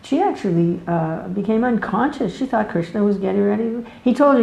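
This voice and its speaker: A woman giving a devotional scripture class, telling the stories in an animated way, laughing often and jumping up in pitch. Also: fairly quick, vocal fry, reverberant, low-quality recording.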